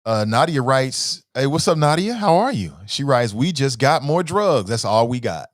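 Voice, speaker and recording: A man's voice: medium pitch, normal speed, dry recording. Conversational male host, dry close sound. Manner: conversational, reads viewer comments aloud, often starts with "uh"; animated, stressing words as he argues points. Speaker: talk show host. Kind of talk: casual livestream commentary.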